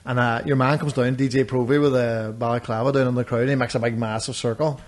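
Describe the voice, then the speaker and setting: A man, co-hosting a podcast and telling rambling, animated stories in casual chat. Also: mid-range voice, fast talker. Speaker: podcast co-host. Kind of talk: casual storytelling.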